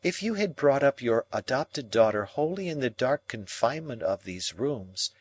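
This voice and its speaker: A man's voice: medium pitch, expressive, slightly rough, no echo, pitched above the performer's own voice. A man voicing a cold, proud young woman. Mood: musing. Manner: measured, coolly reasoning.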